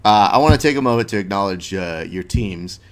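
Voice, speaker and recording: Animated and fairly quick, with a fairly low pitch, a young podcast host keeps things laid-back during a casual interview. He talks in slang, tells stories, and says "dude" constantly.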